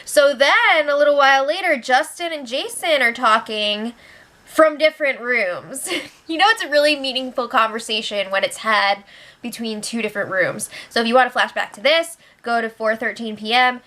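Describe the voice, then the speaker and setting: Bright, high-voiced, giggly woman recapping. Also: normal speed. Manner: chatty and giggly, acting out what others said. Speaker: host of a reality show recap channel. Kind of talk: casual spoilers recap to camera.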